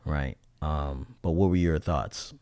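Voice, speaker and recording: A man co-hosting a casual couples podcast, relaxed and teasing, often restarting his sentences. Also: a bass voice, takes it slowly, dry recording. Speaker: podcast co-host. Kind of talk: casual chat.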